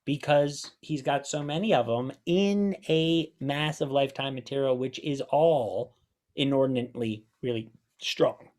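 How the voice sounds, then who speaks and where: A man's voice: medium pitch, unhurried, a little mellow. Give me a chatty male host rambling through an anecdote. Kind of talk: casual chat about magic.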